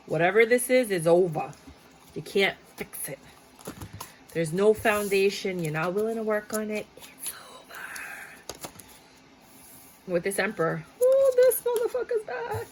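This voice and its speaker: A woman's voice: medium pitch, moderate pace, slight background noise, rough recording. A woman giving a casual tarot reading to her viewers, chatty and blunt, swearing freely and breaking into asides. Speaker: tarot reader.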